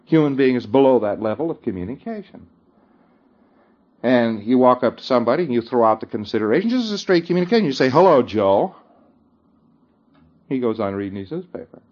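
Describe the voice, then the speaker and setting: A man's voice: mid-range voice, big pitch swings, quick pace, darkish tone. Man lecturing casually on dull old tape. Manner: informal, keeps checking in with listeners, chuckles often. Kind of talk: conversational lecture.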